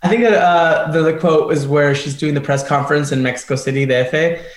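A man's voice: fairly high pitch, fairly quick. A man co-hosting a casual podcast, retelling moments with enthusiasm and many fillers. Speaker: podcast co-host. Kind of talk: casual chat. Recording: echoey room.

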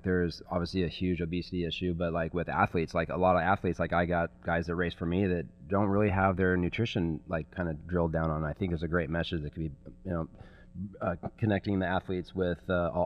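A man guest in a casual chat, speaking in a halting way with many restarts. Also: low voice, level tone. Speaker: guest, racing team owner. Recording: dull lo-fi sound.

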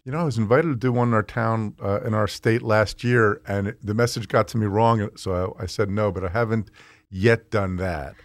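A middle-aged man from New Jersey with a New Jersey accent, talking fast and telling animated stories in a casual chat as a guest. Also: fairly low pitch, dry recording. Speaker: guest author.

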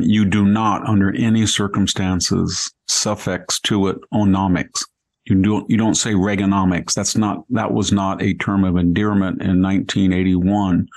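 An older man giving political commentary on a podcast in a measured way, full of historical asides. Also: low-pitched, gravelly, darkish tone, poor audio. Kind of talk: casual analytical commentary.

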